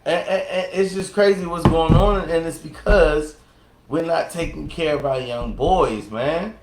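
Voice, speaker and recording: A man co-hosting a casual chat, talking in a relaxed, rambling way with many fillers and restarts. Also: a little high, a little slow, slight background noise. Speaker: co-host. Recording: echoey room.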